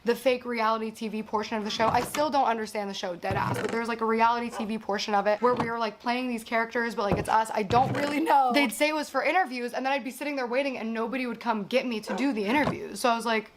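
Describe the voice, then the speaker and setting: A young woman recounting a frustrating job in casual, animated storytelling, exasperated and swearing often. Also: on the high side, fast, few pauses, noisy background. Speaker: actress recounting a production.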